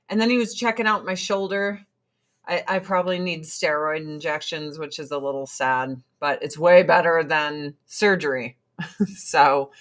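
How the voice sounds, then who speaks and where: A woman's voice: mid-range voice, a bit bright. A middle-aged woman chatting casually to camera as a vlogger, laughing often.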